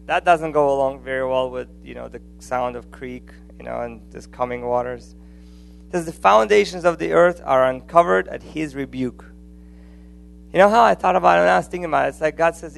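A man preaching a sermon in a conversational, animated way, often restarting phrases and adding asides. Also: a little high, fairly quick, gravelly.

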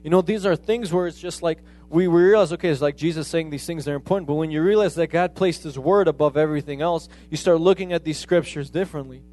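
A man's voice: fairly high pitch, quick pace, few pauses, warm tone. A man preaching a sermon in a conversational way, often retelling conversations as quoted dialogue.

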